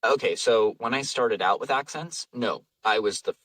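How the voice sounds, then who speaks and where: A man's voice: on the low side, moderate pace, a bit bright, no room sound, far from the mic, low-quality recording. A man, an audiobook narrator and voice actor, chatting casually in an interview, rambling and self-deprecating, laughing often. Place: home vocal booth.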